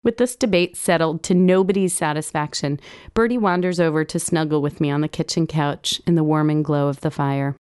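A woman reading her own personal essay aloud, with wry, gently humorous storytelling. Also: low-pitched, steady tone, brisk, clear, resonant tone, dry recording, clean studio sound. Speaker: blog writer reading her own entry.

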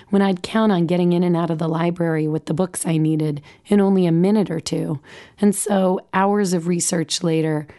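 Wry, mellow woman reading her memoir. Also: on the low side. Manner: wry, self-deprecating. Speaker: memoir narrator, mother. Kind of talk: audiobook memoir narration.

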